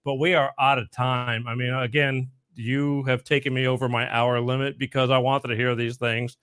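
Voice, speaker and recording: A man's voice: mid-range voice, level tone, moderate pace, a bit bright, smooth, no room sound, clean studio sound. A middle-aged man hosting a podcast, chatting casually and rambling a bit. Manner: rambling, self-interrupting. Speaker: podcast host. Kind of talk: casual chat, telling a joke.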